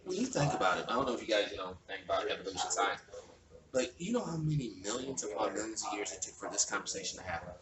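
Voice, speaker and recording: A man's voice: on the low side, big pitch swings, fast talker, far from the mic. A man in his forties, an enthusiastic street interviewer asking questions in a casual chat. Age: 40s. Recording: roomy, off-mic, loud crowd behind.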